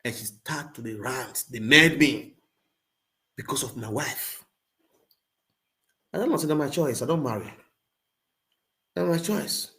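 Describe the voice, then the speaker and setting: Man, Nigerian Pidgin accent, animated storytelling rant, jumps from loud bursts to low mutters, mid-pitched voice. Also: unhurried, gravelly, long pauses. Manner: swings between loud outbursts and low muttering. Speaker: social media livestreamer.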